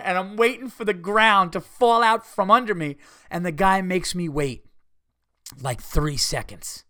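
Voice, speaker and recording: A man hosting a podcast, telling a story in a casual, animated way, swearing freely and acting out what people said. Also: high voice, moderate pace, no echo, studio quality. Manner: animated, profane, retells scenes with quoted voices. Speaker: podcast host.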